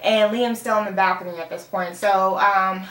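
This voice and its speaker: A woman's voice: mid-range voice, steady tone, moderate pace, a bit bright. Casual young woman, loose rambling delivery, roomy sound from a distant mic. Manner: rambling, full of "like" and "um", mixes up names. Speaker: TV recap vlogger. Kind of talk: casual chat. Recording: roomy room, mic far off.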